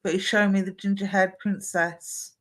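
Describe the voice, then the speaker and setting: Female medium, talky and warm-paced, live-stream reading. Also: medium pitch, flat delivery, normal speed. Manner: chatty, relays messages from spirit.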